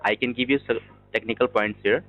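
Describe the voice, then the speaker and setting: A man's voice: mid-range voice, fairly even intonation, fairly quick, a little hiss or hum. A man working as a phone support agent, reading a script with formal, repetitive phrasing over a phone line. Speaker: scam call agent. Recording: dull lo-fi phone audio with faint music.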